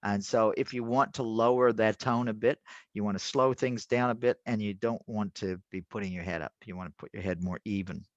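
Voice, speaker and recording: A man's voice: on the low side, fairly even intonation, brisk, no echo. A man teaching an online class in a rambling, casual way, full of restarts and fillers. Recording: dull, dry lo-fi audio.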